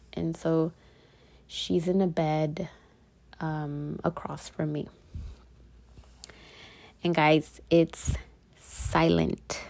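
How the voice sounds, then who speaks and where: A young woman telling a personal story to her viewers in a casual vlog, speaking softly and often dropping into a whisper. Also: sits low, vocal fry. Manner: soft-spoken, slipping into whispers. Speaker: vlogger.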